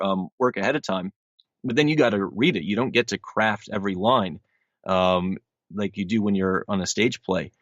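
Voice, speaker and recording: Low-voiced man chatting earnestly. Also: dry recording. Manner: earnest, rambling with frequent restarts. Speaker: audiobook narrator guest. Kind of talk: casual interview chat. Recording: slightly dull lo-fi sound.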